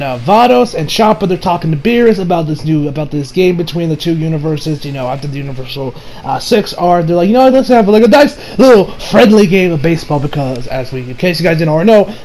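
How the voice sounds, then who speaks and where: A man's voice: on the high side, animated, brisk, a little mellow, poor audio. A man reviewing an anime episode in a rambling, casual way, swearing freely and restarting his sentences. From United States. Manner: rambling, profane, many fillers and restarts.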